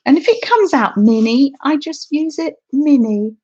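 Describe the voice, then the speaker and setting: A woman hosts a craft livestream, chatting with viewers and often restarting her sentences between giggles. Her voice sits fairly high and moves animatedly, at an unhurried pace. The audio is dull and lo-fi. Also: lively intonation, darkish tone. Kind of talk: casual craft demonstration to live chat.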